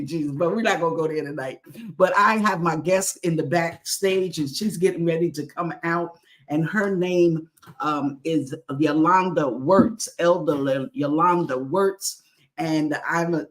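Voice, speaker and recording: A woman pastor hosting a livestream talk show, exhorting viewers, leading them in affirmations and greeting them by name. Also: fairly low pitch.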